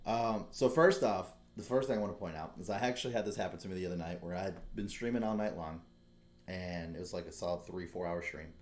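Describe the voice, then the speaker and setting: A young man with a fairly low voice hosts a casual podcast chat. He talks bluntly, swears constantly and slides into fired-up rants. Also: quick pace. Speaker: podcast host.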